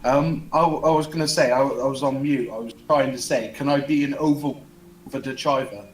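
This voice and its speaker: A man's voice: mid-range voice, steady tone, normal speed, reverberant, recorded from a distance, a little hiss or hum, rough recording. A man playing a tabletop game, chatting casually over voice chat. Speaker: player.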